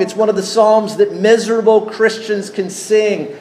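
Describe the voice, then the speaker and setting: A man preaching a sermon, teaching at an unhurried pace and putting questions to his congregation. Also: high voice, fairly even intonation, mellow. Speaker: pastor.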